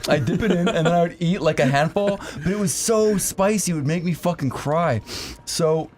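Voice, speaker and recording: A young man spinning a crude, rambling anecdote for his co-hosts, lively and profane. His voice sits fairly high for a man, and he throws himself into the voices of the people in his story. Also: moderate pace, a little hiss or hum. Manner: animated, swears a lot, acts out quotes. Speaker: podcast co-host.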